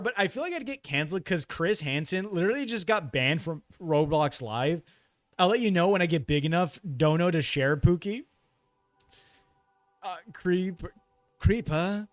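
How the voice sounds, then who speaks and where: High-voiced joking male streamer. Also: no echo. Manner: joking, reads and answers chat; jumpy, yelps when startled. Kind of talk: casual live gameplay chat.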